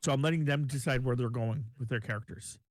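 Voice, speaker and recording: A man narrating a tabletop game as game master, making it up as he goes, halting and restarting. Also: medium pitch, dry recording.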